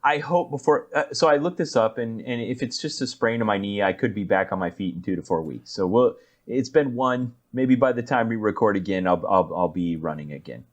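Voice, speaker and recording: A man co-hosting a podcast in casual chat. He explains things in a relaxed way and trails off low at the ends of his sentences. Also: fairly quick, few pauses. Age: adult. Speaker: podcast co-host.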